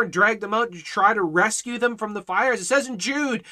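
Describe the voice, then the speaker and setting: A man teaching a Bible study in a fiery preaching style, hammering his points with repeated phrases and rising to near shouts. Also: high voice, brisk, few pauses.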